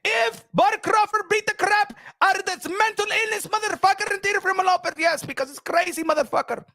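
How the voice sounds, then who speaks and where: A man's voice: very high voice, fairly quick, no echo, studio quality, voice pushed up, heavily acted. A man doing a bossy, pushy boxing promoter. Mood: demanding. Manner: demanding, repeats himself, shouts. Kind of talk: comic impression.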